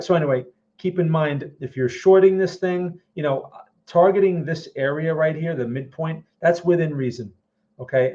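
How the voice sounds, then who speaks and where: A man's voice: mid-range voice, darkish tone, lo-fi sound. A man hosting a casual market livestream, answering viewer questions and often checking in with "all right" and "okay". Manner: answers viewer questions while looking at charts. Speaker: trading livestream host.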